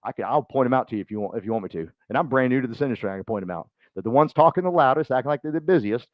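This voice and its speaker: A man speaking to a live group at a business meeting, joking and acting out quick voices as he goes. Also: mid-range voice, lively intonation, no room sound, highs cut off. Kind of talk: motivational talk to a live group.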